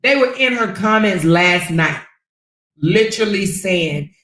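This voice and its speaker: A woman's voice: mid-range voice, lively intonation, unhurried, fairly bright tone. A woman hosting a livestream, dishing gossip in a brash, cussing, mocking way. Her voice rings in an echoey room. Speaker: livestream host. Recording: roomy echo.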